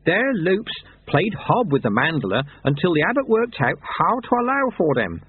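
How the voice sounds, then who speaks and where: A man's voice: a little high, big pitch swings, normal speed, husky, no room sound, pitched above the performer's own voice. A man voicing an old, serene male monk who speaks mildly and quotes proverbs, over tinny narrowband audio. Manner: mild, proverb-quoting.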